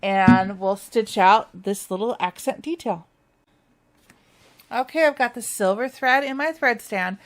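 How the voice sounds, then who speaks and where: A woman's voice: medium pitch, measured pace. A woman leading a machine embroidery tutorial, chatty and enthusiastic as she walks viewers through each step. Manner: upbeat, chatty, enthusiastic about stitching. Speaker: sewing instructor.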